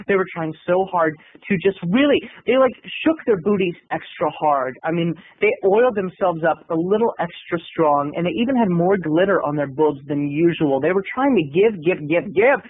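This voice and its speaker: A man's voice: high voice, husky, dry recording. A campy, theatrical man telling a comic story as a video blogger on a tinny phone-like recording.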